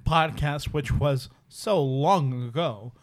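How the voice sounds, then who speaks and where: A man hosting a casual comedy podcast, steering the chat in a mock-formal, deadpan way. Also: fairly high pitch, slow. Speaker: podcast host.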